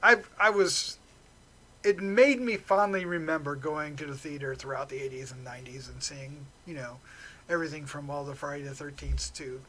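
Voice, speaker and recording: A man with a bright, forward voice enthusiastically reviews a horror film on a podcast panel. He talks in quick bursts, with restarts. His pitch sits a little high. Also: steady tone, a little hiss or hum, poor audio.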